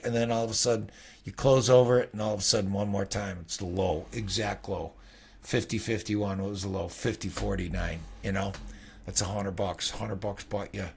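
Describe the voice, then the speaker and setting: A middle-aged man with a gravelly, fry-laden voice talks through trading charts in a loose, rambling way. He keeps tossing in "okay?" as he points out levels and closes, like a floor trader teaching at his desk. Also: on the low side, slight background noise. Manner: rambling, conversational, peppered with "okay?". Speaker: futures trading educator. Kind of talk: casual chart walkthrough.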